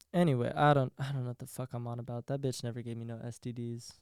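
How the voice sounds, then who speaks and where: A man's voice: mid-range voice, darkish tone, clean tone, dry recording, clean studio sound. A young man hosting a solo podcast, talking in a rambling, profane way and laughing at his own jokes. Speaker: podcast host.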